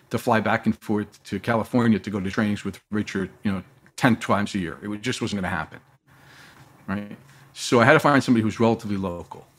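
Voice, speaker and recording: A man telling a long personal story as a guest in an interview, lively and acting out the voices of the people he quotes. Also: lowish voice.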